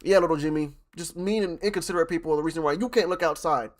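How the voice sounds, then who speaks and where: A man's voice: on the high side, rapid-fire, natural voice. Man mimicking a snippy scolding mother. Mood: mocking. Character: snippy mother scolding her small son.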